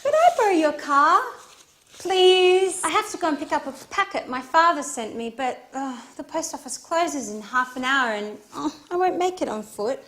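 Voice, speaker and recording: Flustered young woman in love, high voice, chatty, played by an actress. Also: expressive, normal speed, hardly any pauses, fairly bright tone. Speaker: actress in a teaching drama. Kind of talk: scripted dialogue for learners.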